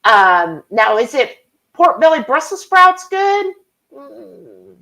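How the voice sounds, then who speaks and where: A woman chats away on a live cooking stream, rambling happily from one topic to the next. Her voice sits on the high side and swoops around with plenty of lilt. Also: sing-song, slow pace, sharp tone, low-quality recording. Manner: chatty, rambling, reads chat comments aloud. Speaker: cooking channel host. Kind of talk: casual live-stream chat.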